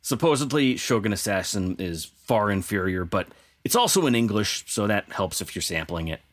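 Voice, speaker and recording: A man's voice: on the low side, very animated, normal speed, no echo. A man co-hosting a music podcast, breaking down production in an analytical, jokey way. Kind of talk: casual music review chat.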